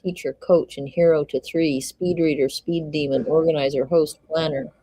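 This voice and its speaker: Low, mellow woman's commentary voice. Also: fairly even intonation, moderate pace, breathy edge, dry recording, poor audio. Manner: reads messages aloud with running asides. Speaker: livestream host commenting on a trial. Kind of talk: casual live commentary.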